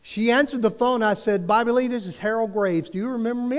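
Storytelling preacher in a reverberant hall. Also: male voice, sits high, lively intonation, brisk, hardly any pauses. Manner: conversational, quotes dialogue with restarts. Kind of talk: sermon storytelling.

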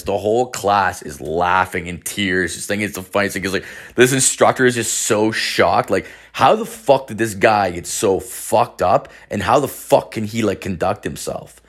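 Brief: young man, lowish voice, rambling profane storyteller. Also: normal speed. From Canada. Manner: profane, rambling, filler-heavy. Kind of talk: casual storytelling.

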